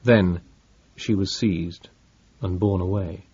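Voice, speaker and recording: A man reading an audiobook in a measured, dramatic narration. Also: low-pitched, steady tone, a little mellow, slightly rough, dry recording, dull audio.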